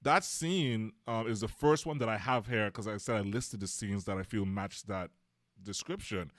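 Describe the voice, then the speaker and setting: A man's voice: fairly low pitch, a bit bright, dry recording, studio quality. A man co-hosting a podcast, chatting casually about a film and acting out scenes now and then. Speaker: podcast co-host.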